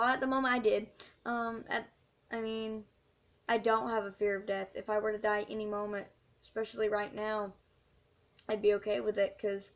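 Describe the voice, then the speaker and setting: A teenage girl tells a story for her vlog in an earnest, rambling way, full of ums and restarts. Her voice sits at a middle pitch and stays fairly flat. The recording sounds dull and lo-fi. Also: gravelly. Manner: rambling, earnest retelling with many fillers. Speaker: vlogger.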